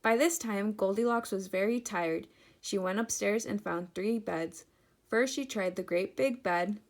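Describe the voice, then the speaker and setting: A woman teacher giving an interactive children's read-aloud, speaking directly and warmly to the kids. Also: medium pitch, unhurried.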